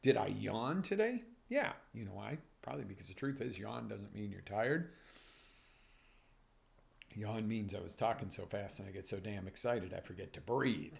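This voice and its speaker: A man hosting a live motivational coaching show, talking with energy and swinging from near-whispers to loud bursts. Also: fairly low pitch, normal speed, vocal fry. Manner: energetic, animated, drops to whispers then surges loud. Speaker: life coach and show host. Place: broadcast live on social media.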